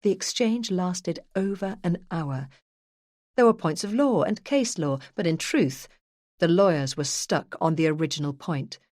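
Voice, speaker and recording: Low-voiced woman reading first-person true crime. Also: lively intonation, a little slow, darkish tone, no room sound, studio quality. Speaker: audiobook narrator.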